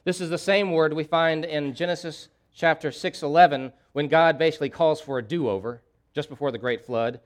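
A man's voice: a little high, normal speed. A man preaching a sermon, delivering impassioned pleas and repeating key phrases for emphasis. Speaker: pastor.

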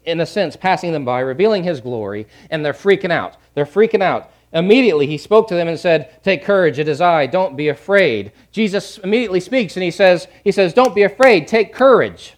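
A middle-aged male pastor preaching a sermon, repeating key phrases and swinging from hushed to loud. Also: medium pitch.

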